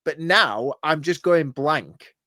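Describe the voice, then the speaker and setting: Brief: dry-sounding man with a slightly high voice, podcast co-host, flustered and reluctant. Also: lively intonation, takes it slowly, sharp tone, no echo. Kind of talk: casual podcast banter.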